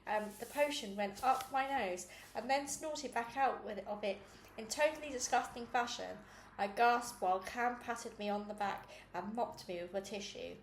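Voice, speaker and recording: A woman reads a children's storybook aloud. Her voice sits fairly high, and she lifts it further for the dialogue. The room echoes, and a faint hiss runs underneath. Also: moderate pace. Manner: lively, acts out dialogue with character voices. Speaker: audiobook reader. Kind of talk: storybook reading.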